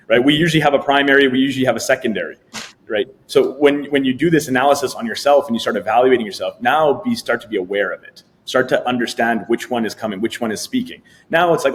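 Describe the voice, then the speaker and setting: A man in his middle pitch range, speaking as a guest coach on a podcast. He explains things step by step and slips into lively, acted-out inner voices to show his points. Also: quick pace. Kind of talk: explanatory interview talk.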